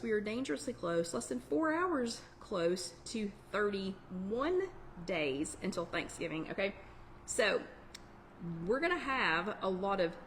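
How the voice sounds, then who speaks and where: A woman hosts a casual live-stream chat at a middling pitch. She wanders off on side tracks and answers viewers' comments as she goes. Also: fairly bright tone, slight background noise. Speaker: host of a weight-loss support chat.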